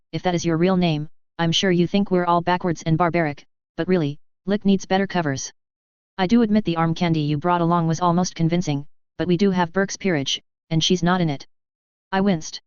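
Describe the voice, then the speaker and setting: A woman with a lowish, very crisp and clean voice reads a science fiction story aloud. Her delivery is steady and even, and the sound is dry and close with a slightly dull, narrow tone. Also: moderate pace, dry recording. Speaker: narrator. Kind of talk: audiobook narration of web fiction.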